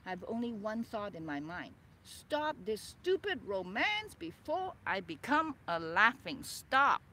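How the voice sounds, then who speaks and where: Bright-voiced woman reading her own memoir. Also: fairly low pitch, slight background noise. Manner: expressive, swings between soft and loud, chatty asides. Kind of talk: dramatic memoir read-aloud with asides.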